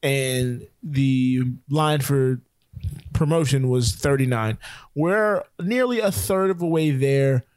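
A young man talking sports on a podcast, rushing through his points with plenty of ums and self-corrections. His voice sits at an ordinary pitch and sounds dry and close to the mic. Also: darkish tone, dry recording. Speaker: podcast co-host. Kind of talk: casual sports chat.

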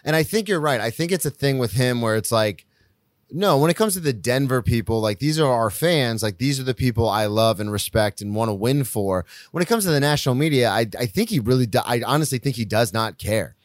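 A man co-hosting a sports podcast with a relaxed, wry delivery and deadpan asides. His voice sits at an average pitch for a man, recorded dry and close to the mic. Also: brisk, dry recording. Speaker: podcast co-host. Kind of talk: casual sports chat. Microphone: podcast microphone.

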